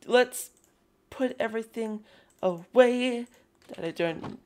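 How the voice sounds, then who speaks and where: A young woman chatting excitedly through a gameplay session, calling out playful greetings to characters in the game. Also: on the high side, slow. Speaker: gaming video host. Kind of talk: casual gameplay commentary.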